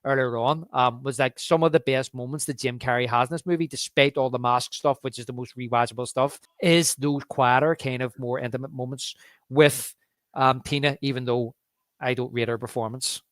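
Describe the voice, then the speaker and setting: A man's voice: mid-range voice, normal speed, no echo, studio quality. Man chatting about a film. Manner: animated, acts out quoted lines, laughs often. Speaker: podcast co-host. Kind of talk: casual film chat.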